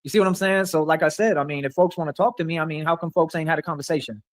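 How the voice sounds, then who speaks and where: A man's voice: on the high side, steady tone, rapid-fire, no room sound. A man delivering a rambling, boastful livestream rant, confrontational and full of repeated filler phrases. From Rio Grande Valley, Texas. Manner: angry and confrontational. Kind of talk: ranting livestream monologue.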